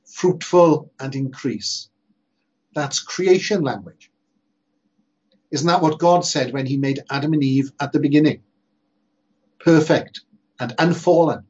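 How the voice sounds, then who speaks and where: A preacher delivers an emphatic sermon, leaning hard on slow, repeated phrases. His voice is somewhat husky and sits a little high. The recording sounds dull and lo-fi. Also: a little mellow. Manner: earnest, emphatic preaching with slow stressed repetitions.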